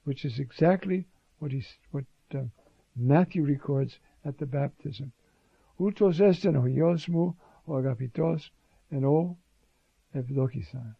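Slow, gravelly man teaching scripture. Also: on the high side, no echo, dull audio. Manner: conversational, frequent "uh" and "you see". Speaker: Bible teacher. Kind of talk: scripture lecture.

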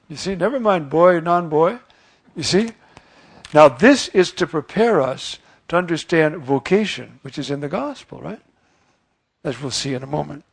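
An older priest gives a chatty, informal homily in a slightly higher voice. He acts out the voices of figures he quotes and keeps turning to his listeners with little questions. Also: expressive, moderate pace, creaky, breathy edge. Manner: conversational, acts out quoted voices, asks listeners "you see?".

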